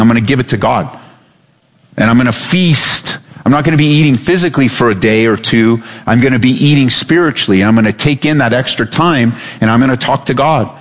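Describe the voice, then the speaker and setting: A male pastor preaching a sermon, animated, with dramatic pauses and repeated phrases. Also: medium pitch. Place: church sanctuary. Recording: long hall reverb.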